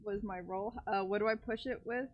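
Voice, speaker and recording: A woman's voice: medium pitch, fairly even intonation, a little fast, highs cut off. A woman playing a tabletop game, giving short, plain replies about her dice rolls. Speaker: player. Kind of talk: casual game chat.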